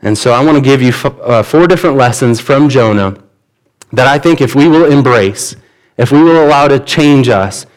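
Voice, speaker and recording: A man's voice: mid-range voice, moderate pace, poor audio. Man preaching a conversational sermon. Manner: conversational storytelling, acting out the characters' lines. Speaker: pastor.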